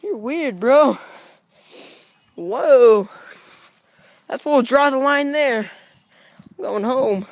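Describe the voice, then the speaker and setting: A woman's voice: high voice, expressive, drawn-out words, pauses often, no echo. A woman vlogging in her yard, talking bluntly and profanely to dogs in a playful, scolding way. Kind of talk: casual vlog, talking to dogs. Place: outdoor yard at home.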